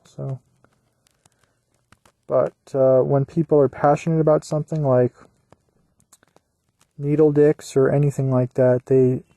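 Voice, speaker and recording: A young podcaster, speaking during a shift at work, rambles through a crude, meandering solo monologue and often trails off into mumbles. His mid-range voice is mellow, with no echo.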